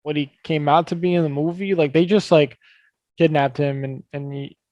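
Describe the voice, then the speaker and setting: High voice guy, blunt, swears a lot, dry mic. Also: steady tone, moderate pace, a little mellow, no echo, highs cut off. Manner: blunt, frustrated, swears freely. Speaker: podcast co-host. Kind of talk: casual chat.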